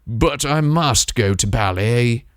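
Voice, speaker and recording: A man voicing a lofty, self-absorbed young woman who speaks in a slow, affected, wistful way, close to a dynamic microphone. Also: mid-range voice, expressive, fairly bright tone, no room sound.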